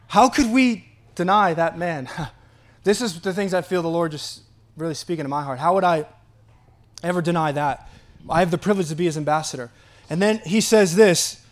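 A man preaching a sermon, earnest and full of wonder, slowing down for emphasis and breaking into delighted laughs. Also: sits high. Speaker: pastor.

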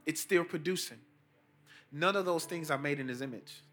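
Man preaching a sermon over soft music. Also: moderate pace. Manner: emphatic preaching that rises high on key points, casual slang. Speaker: pastor, team chaplain.

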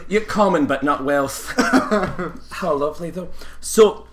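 A man's voice: fairly high pitch, slow, noisy background, pitched above the performer's own voice. Man putting on a fussy old Scottish nanny. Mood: chatty. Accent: put-on Scottish. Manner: genteel, fussy, calls everyone dear. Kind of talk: comedic character skit.

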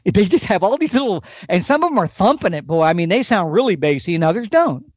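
A man's voice: high-pitched, very animated, fast talker, no room sound, lo-fi sound. A man on a podcast, an elk calling expert, telling hunting stories with energy and showing calls with his mouth. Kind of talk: animated podcast storytelling.

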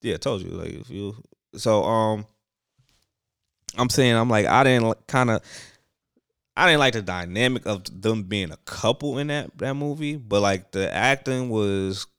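Smooth-voiced young man rambling casually. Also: fairly low pitch, unhurried, no room sound, studio quality. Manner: rambling, animated, lots of fillers and restarts. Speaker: podcast co-host. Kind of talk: casual chat.

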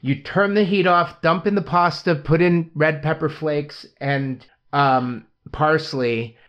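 A man's voice: a little high, slow pace. A man hosting a casual podcast chat, telling stories and prompting his co-hosts. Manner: chatty, storytelling, prompts the others. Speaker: podcast host. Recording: muffled lo-fi audio.

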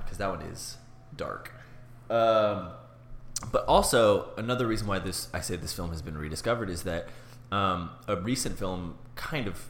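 Enthusiastic low-voiced man co-hosting a podcast. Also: fairly bright tone, echoey room, a little hiss or hum. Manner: enthusiastic, rambling with fillers. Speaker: podcast co-host. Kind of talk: casual film discussion.

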